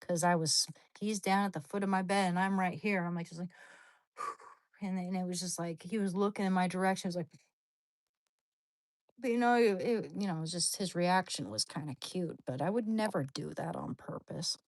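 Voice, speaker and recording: A woman hosting a livestream, chatting casually with viewers in a rambling, animated, slangy way, with sudden high squeals. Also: moderate pace, no echo. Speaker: livestream host.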